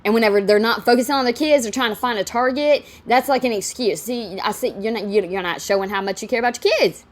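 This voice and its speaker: A woman's voice: on the high side, fast talker. A woman giving casual reaction commentary on a video, exasperated, profane and rambling.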